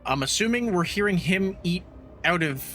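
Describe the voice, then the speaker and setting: A man's voice: sits high, animated, moderate pace, music in the background. A man co-hosting a podcast, recapping a bad movie's plot with sarcastic, blunt, swearing commentary. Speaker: podcast co-host. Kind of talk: casual movie recap chat.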